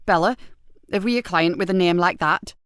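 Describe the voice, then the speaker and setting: A woman's voice: lowish voice, normal speed, clean tone, dry recording, studio quality, natural voice. A woman reading an audiobook, voicing a mild, matter-of-fact husband in a plain everyday voice.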